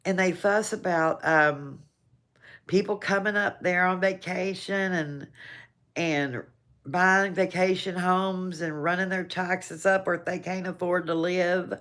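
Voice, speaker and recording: An older Southern American woman hosts a casual livestream chat, reading viewer comments, rambling and laughing a lot. Her voice sits on the low side and is fairly bright, with slow delivery and fairly even intonation.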